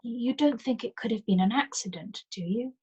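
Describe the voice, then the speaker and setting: A woman voicing an anxious, frightened grown woman who hesitates and falters, her voice turning shrill. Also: moderate pace, dark tone, breathy edge, muffled recording. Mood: uneasy.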